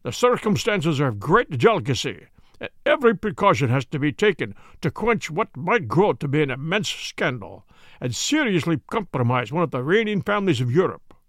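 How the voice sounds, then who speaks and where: A man's voice: a little high, sing-song, moderate pace, fairly bright tone, no echo, studio quality. A man reading the part of a proud foreign king who speaks formally. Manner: formal, stately speech. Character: proud, agitated foreign king, tall and grand.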